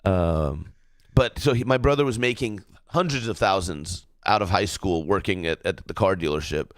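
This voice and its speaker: A man's voice: low voice, normal speed, dry recording. A man chatting casually on a podcast as a guest comedian, telling laid-back, swearing family stories. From Southern California.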